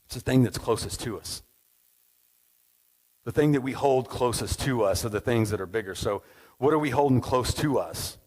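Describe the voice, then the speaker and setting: A man's voice: mid-range voice, moderate pace, a little mellow, low-quality recording. A man preaching a sermon in a conversational, storytelling way, often checking in with "right?". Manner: conversational, tag questions, storytelling.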